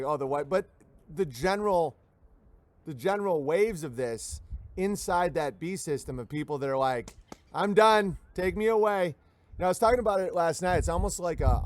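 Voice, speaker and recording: A man's voice: fairly high pitch, darkish tone. A man hosting a livestream show, ranting in a rambling comic way, reading viewer messages and acting out the voices he quotes. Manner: sardonic, acts out quoted voices mid-sentence. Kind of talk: rambling comedic rant.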